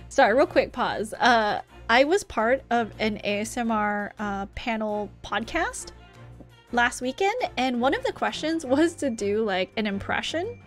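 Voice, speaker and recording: A woman's voice: fairly high pitch, lively intonation, a little slow, soft background music. A young woman streaming a game, chatting casually and reading the game's dialogue aloud with a giggly manner. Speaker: VTuber streamer. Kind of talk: casual live-stream gameplay chat.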